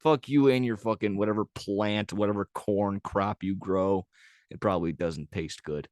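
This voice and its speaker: A man's voice: lowish voice, normal speed, a little mellow, dry recording, studio quality. Profane ranting man on a podcast. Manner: profane, ranting, laughs at own jokes. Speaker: podcast co-host. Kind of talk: casual sports chat.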